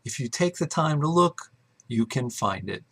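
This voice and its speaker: A man's voice: mid-range voice, expressive, normal speed, fairly bright tone. A man hosting his own show, telling a personal story in a rambling, casual way with many fillers and restarts. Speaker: host.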